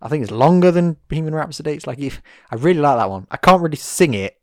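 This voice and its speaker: A man's voice: fairly high pitch, quick pace, no room sound, studio quality. A man chatting casually and animatedly, often acting out quotes. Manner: animated, acts out quotes in put-on voices. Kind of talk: casual chat.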